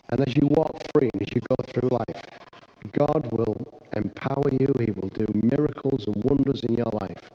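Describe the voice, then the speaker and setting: Man preaching, mellow tone, excitable, lo-fi recording. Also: mid-range voice. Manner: earnest, excitable storytelling with frequent restarts. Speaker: pastor. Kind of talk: sermon.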